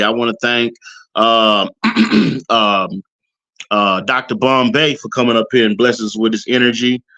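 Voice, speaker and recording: A man hosting a live stream, talking casually and haltingly with many fillers. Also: on the low side, pushed and bright, dull audio.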